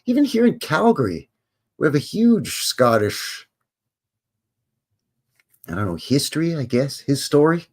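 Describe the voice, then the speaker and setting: A man's voice: fairly high pitch, sing-song, unhurried, pauses often. A man hosting a casual livestream from a room at home, chatting in a rambling way and interrupting himself. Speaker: channel host. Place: home room with windows open.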